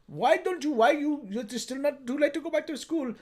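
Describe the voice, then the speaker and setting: A man's voice: extremely high pitch, moderate pace, darkish tone. A man putting on an Indian accent to voice a nagging father who scolds his grown daughter over and over. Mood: scolding. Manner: mock-scolding, repetitive, exasperated.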